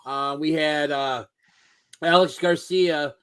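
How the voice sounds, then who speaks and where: A man co-hosting a casual podcast, reading out listener answers in a relaxed, halting way with many fillers. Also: a little high, clean tone. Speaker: podcast co-host.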